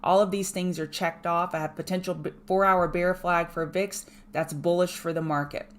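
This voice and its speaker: A woman with a slightly low voice hosts a live market prep stream. She talks briskly and emphatically, repeats her key points for weight, and drops chatty asides to her viewers as she moves through each chart. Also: steady tone. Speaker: trading show host.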